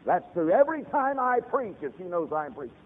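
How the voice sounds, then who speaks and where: A male preacher delivering a fiery, storytelling sermon, calling out to his congregation directly. His voice sits high, and the sound is thin and tinny, like a radio broadcast. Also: big pitch swings, fairly quick, big-room sound.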